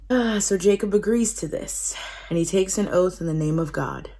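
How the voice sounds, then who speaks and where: A woman's voice: on the low side, moderate pace, mellow. A woman casually retelling a Bible story in a slangy, conversational way. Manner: slangy, conversational, laughing asides. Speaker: host retelling Bible stories.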